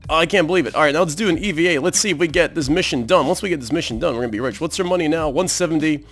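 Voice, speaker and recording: Excitable man doing gameplay commentary. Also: fairly high pitch, racing, soft background music. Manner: excitable, exclaiming at the screen. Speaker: let's play host.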